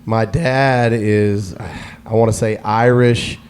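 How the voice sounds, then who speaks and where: A man's voice: on the low side, fairly even intonation, takes it slowly, darkish tone, a little hiss or hum. A man, a radio DJ guest, telling stories in a loose, rambling way on a casual podcast, full of fillers and restarts that liven up as the anecdotes pick up.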